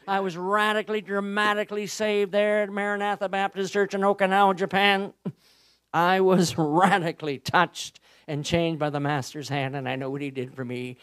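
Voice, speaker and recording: A male Baptist pastor preaching a sermon, impassioned, swinging between quiet, drawn-out words and loud, rising emphasis. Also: high voice.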